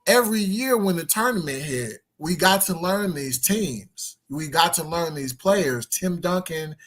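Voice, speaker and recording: A middle-aged man co-hosting a casual sports chat on a video call, emphatic and animated. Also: on the high side, unhurried. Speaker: co-host.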